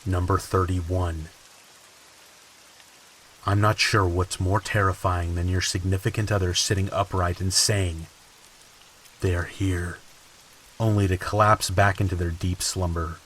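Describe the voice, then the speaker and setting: A man reading creepy stories in a slow, ominous scripted narration. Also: sits low, level tone, a bit bright, rough recording. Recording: faint hiss and rain sounds behind. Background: rain ambience.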